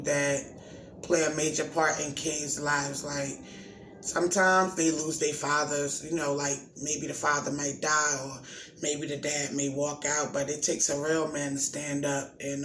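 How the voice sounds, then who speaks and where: A young man in a casual, rambling personal video, talking slowly and getting emotional as he speaks. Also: fairly high pitch, a bit bright. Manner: casual, rambling, keeps saying "you know what I'm saying". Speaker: vlogger. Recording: echoey room with faint background hiss.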